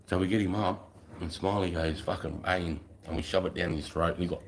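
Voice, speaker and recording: A man's voice: sits low, fairly even intonation, a little fast, slight background noise. A man telling a boastful army story in casual, profane, swaggering talk. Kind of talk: crude anecdotal storytelling.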